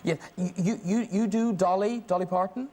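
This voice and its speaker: In this studio clip, with audience sounds and background noise, an Irish talk show host in middle age trades playful banter, frequently teasing and laughing. He speaks at a normal pace in a high, warm voice.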